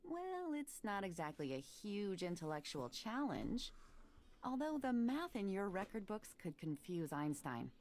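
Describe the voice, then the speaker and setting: An actress playing a sharp-tongued young woman in her twenties who works at a bookshop, trading dry, sarcastic put-downs in a voiced adventure game. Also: medium pitch, big pitch swings, measured pace. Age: 20s. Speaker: game character.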